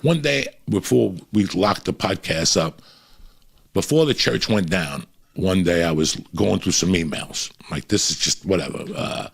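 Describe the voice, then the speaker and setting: Gravelly, low-voiced man from Cuba. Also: lively intonation, unhurried. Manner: profane, rambling, blunt. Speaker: podcast guest or host telling stories. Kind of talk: rambling podcast storytelling.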